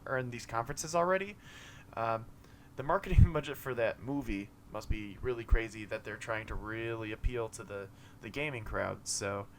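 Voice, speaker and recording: A man's voice: medium pitch, a little hiss or hum. A young man casually recapping a game showcase, rambling, with many fillers and self-corrections. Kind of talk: casual commentary monologue.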